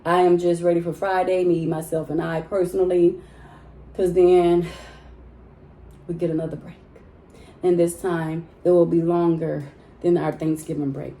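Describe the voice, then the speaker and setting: A woman's voice: lowish voice, normal speed, long pauses. Chatty woman vlogging in a roomy space. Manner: chatty and animated, laughs often, addresses viewers as y'all. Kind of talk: casual chat to viewers. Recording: roomy echo in a home room.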